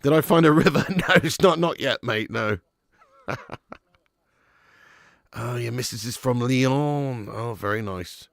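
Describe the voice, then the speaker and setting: A man's voice: mid-range voice, slow, vocal fry, long pauses, fairly bright tone, dry recording, clean studio sound. A man hosting a live football watch-along, chatting with viewers by name and commentating with sarcasm.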